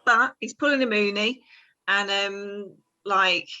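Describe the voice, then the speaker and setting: A woman's voice: medium pitch, slow, pushed and bright, dull audio. A woman co-hosting a film podcast, retelling scenes in a chatty, giggly way. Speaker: podcast co-host. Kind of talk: casual film chat.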